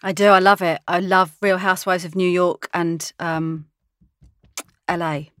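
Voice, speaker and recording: A woman's voice: fairly low pitch, level tone, a little slow, fairly bright tone, no echo, studio quality. A woman, an actress, chatting in an interview, laughing often as she tells stories. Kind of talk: casual interview chat.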